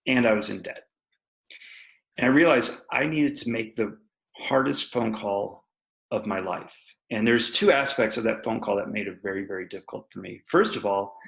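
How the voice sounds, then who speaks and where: A man's voice: mid-range voice, vocal fry, a bit bright, rough recording. A man in his forties, a guest entrepreneur, candidly telling a personal business story in a podcast interview.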